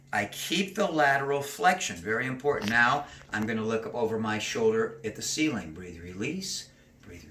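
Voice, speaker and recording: Calm man coaching stretches in a roomy space. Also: lowish voice, far from the mic, a little hiss or hum. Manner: calm, cueing slow breathing and gentle moves. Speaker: stretching instructor. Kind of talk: exercise demonstration. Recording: roomy, from off mic.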